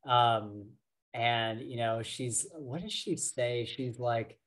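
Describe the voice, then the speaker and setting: A man co-hosting a podcast, slowly and casually retelling book scenes with lots of fillers and restarts. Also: medium pitch, a bit bright. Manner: slow, rambling retelling full of fillers. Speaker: podcast co-host.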